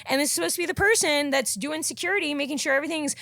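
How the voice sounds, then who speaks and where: A young woman, hosting a podcast and telling a story in casual, profane, animated chat. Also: high voice, racing, gravelly, no echo, clean studio sound. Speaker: podcast host.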